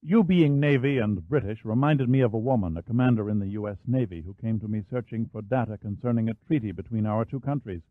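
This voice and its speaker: A man's voice: lowish voice, a little fast, hardly any pauses, no echo, lightly acted. A man doing a genial American historian. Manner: easygoing, chatty. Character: friendly American Senate historian, middle-aged man. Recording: dry, phone-like narrow band.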